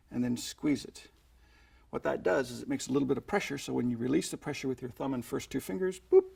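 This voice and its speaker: Gravelly-voiced man teaching magic tricks. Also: medium pitch. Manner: chatty demonstrator, playful sound effects like "boop". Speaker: magic instructor. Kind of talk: instructional magic tutorial.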